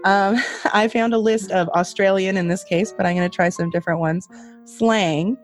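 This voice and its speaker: A woman's voice: mid-range voice, fairly even intonation, moderate pace, soft background music. A woman hosting a podcast in casual chat, chatty and swearing freely while laughing at herself. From Canada. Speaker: podcast host.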